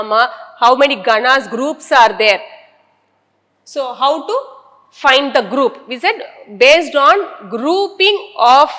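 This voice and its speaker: A woman's voice: high-pitched, a bit bright, long reverb tail. A woman teacher, lecturing a class and explaining step by step while she repeats key terms.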